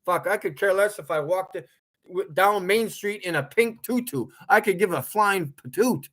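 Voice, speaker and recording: A man's voice: high-pitched, normal speed, fairly bright tone. A man ranting to his viewers in an angry, profane monologue, lecturing them and breaking into laughter at himself. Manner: lecturing, repeats commands. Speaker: vlogger.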